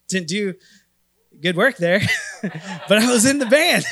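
A man from Minnesota in his thirties preaching a sermon, telling stories with animated, emphatic swings in loudness. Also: sits high, slow. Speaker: pastor.

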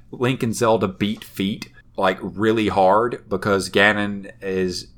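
A man co-hosting a podcast, retelling a cartoon episode in casual chat with wry, swearing humor. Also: fairly low pitch. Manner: animated storytelling, wry and swearing. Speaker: podcast co-host.

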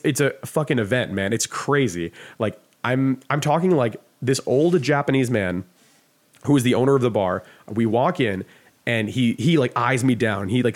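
Rambling man telling a story, heavy fillers. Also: medium pitch. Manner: rambling, lots of "like" fillers, swears casually. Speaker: podcast guest. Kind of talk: casual storytelling.

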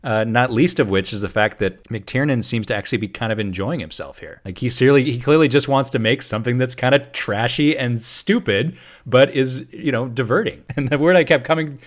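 A man's voice: mid-range voice, a little fast. A man co-hosting a podcast, chatting casually and enthusiastically about a movie he watched, laughing often and restarting his sentences. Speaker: podcast co-host. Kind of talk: casual film review chat.

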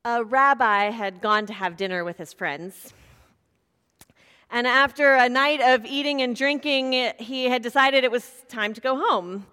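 Woman preacher, sermon, conversational storytelling, playful asides, somewhat high voice, long hall reverb. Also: unhurried, bright, forceful tone, clear, resonant tone.

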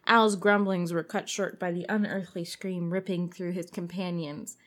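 A woman's voice: fairly low pitch, flat delivery, normal speed, fairly bright tone. A woman co-host reads a gory story aloud in a loose, casual way. She giggles often and stumbles over words, then corrects herself and keeps going. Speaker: podcast co-host.

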